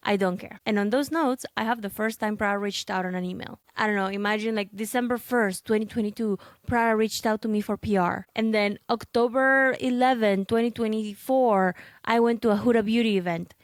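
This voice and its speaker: A young woman talks through a casual podcast monologue at an everyday, middle pitch, the recording close and dry with no room around her. She rambles along in a chatty way, tossing in "like" and "okay?" as she goes. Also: brisk, hardly any pauses, no room sound. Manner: talkative, full of fillers and asides like "okay?". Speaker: podcast host and content creator.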